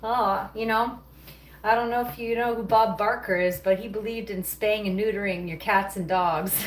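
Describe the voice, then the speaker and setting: A woman's voice: mid-range voice, fairly even intonation, normal speed. A woman hosting a casual livestream from her home kitchen, chatting to viewers in a rambling way while she bakes and tidies. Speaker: livestream host baking at home. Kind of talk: casual live-stream chat while working. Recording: roomy, distant, noisy kitchen sound.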